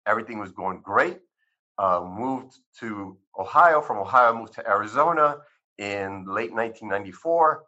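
Expressive and bright, with a forceful edge, this man's fairly low voice moves at a moderate pace. He's a chiropractor in his sixties being interviewed, and he tells his life story in a rambling, conversational manner with lots of fillers and acted-out quotes, on a slightly muffled recording.

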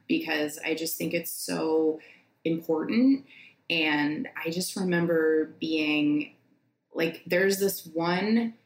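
A woman in her thirties, a nurse practitioner and podcast guest, speaking heartfelt and halting with many restarts. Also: low voice, steady tone, echoey room, poor audio. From United States. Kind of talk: casual conversation.

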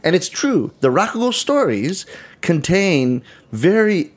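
A man's voice: sits high, very animated, a little slow. A middle-aged man, a guest storyteller on a podcast, explaining things thoughtfully and often restarting his sentences. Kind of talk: conversational podcast interview.

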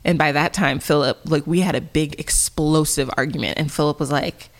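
A woman co-hosting a casual podcast chat, telling a story in an animated way and acting out the lines she quotes. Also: low-pitched, moderate pace. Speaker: podcast co-host.

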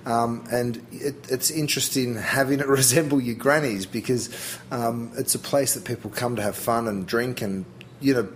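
A middle-aged Australian man chats easily as an interview guest, his voice sitting at an ordinary middle pitch. He rambles a little, doubling back and restarting with fillers. A faint hiss runs under the recording. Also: moderate pace, rough recording. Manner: relaxed, chatty, self-interrupting with fillers. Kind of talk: casual interview chat.

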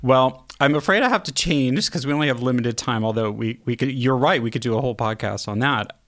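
A man's voice: mid-range voice, fairly quick, a bit bright. A man hosting a podcast interview, asking questions in a conversational, easygoing way. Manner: conversational, easy laughter, some restarts. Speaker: podcast host.

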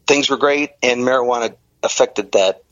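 A man's voice: mid-range voice, moderate pace, fairly bright tone, no echo. A middle-aged man from the Detroit area telling his own story in an interview, acting out the voices of people he quotes. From Detroit area, Michigan. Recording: dull, lo-fi, dry sound.

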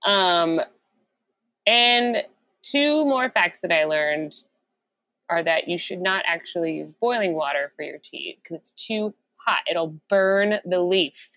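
Woman co-host reading jokey trivia, lowish voice. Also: expressive, takes it slowly, fairly bright tone, dry recording, low-quality recording. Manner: jokey, giggly, reads out trivia. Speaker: podcast co-host. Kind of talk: casual chat.

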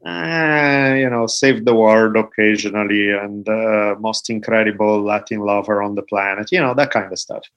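A man in his forties speaks with a light Italian accent. His voice sits a little low, and he talks easily as a guest, with a dry, self-mocking humor. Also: moderate pace, hardly any pauses, lo-fi sound. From Italy. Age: 40s. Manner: joking, self-deprecating, relaxed. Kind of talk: casual interview chat.

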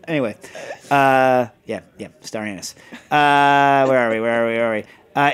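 A man's voice: medium pitch, moderate pace, pauses often, clear, resonant tone. Rambling, digressive male podcast host. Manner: rambling, digressive, heavy on fillers. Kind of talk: casual chat.

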